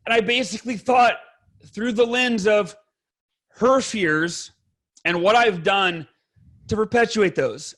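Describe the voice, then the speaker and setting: A man's voice: sits high, takes it slowly, long pauses, a bit bright, rough recording. A man speaking as a guest on a podcast, earnest and emphatic, talking bluntly with fellow fathers and swearing now and then. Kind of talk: candid podcast conversation.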